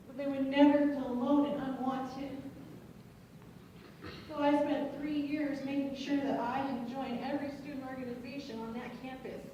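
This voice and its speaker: A woman's voice: high-pitched, warm tone, highs cut off, slight background noise. A woman from Colorado giving an earnest, emotional personal testimony as a student veteran speaker. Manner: earnest, emotional, halting at times. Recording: echoey hall, distant mic.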